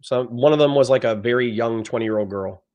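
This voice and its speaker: A man's voice: medium pitch, a little fast, a little mellow. A man on a livestream reading chat comments aloud and answering them in a blunt, profane, lecturing rant.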